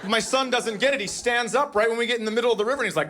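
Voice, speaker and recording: A man's voice: very high-pitched, racing, few pauses, pushed and bright. A middle-aged man doing a stand-up comedy set, telling dry stories that break into exasperated outbursts.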